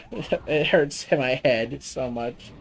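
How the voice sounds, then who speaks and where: Low-pitched, animated woman streamer. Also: a little hiss or hum. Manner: profane, teasing, jokey. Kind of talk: casual gaming stream chat.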